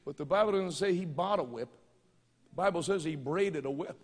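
A man's voice: on the high side, brisk, husky. Fervent preacher man in a reverberant hall. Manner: fervent, swings from quiet storytelling to shouting. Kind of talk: sermon.

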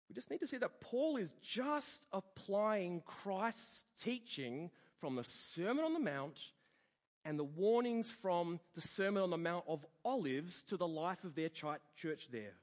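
A man preaching a sermon, telling a story and acting out the people in it. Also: high-pitched. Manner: storytelling with animated quoted voices. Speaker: pastor. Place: church hall. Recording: long church hall reverb.

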